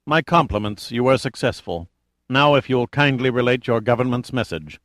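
A man's voice: mid-range voice, lively intonation, normal speed, a bit bright, dry recording, studio quality, close to an everyday voice. A male narrator voicing an arrogant, menacing male cult leader who talks in a cold, commanding tone. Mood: haughty.

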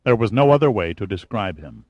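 A man narrating a thriller novel as a scripted audiobook, with even, descriptive storytelling. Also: fairly low pitch, a little fast.

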